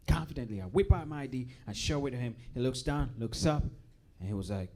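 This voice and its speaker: A young adult man from Uganda, doing a chatty, playful stand-up set in a comedy club and often dropping low for asides. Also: lively intonation, fast talker, few pauses, dark tone.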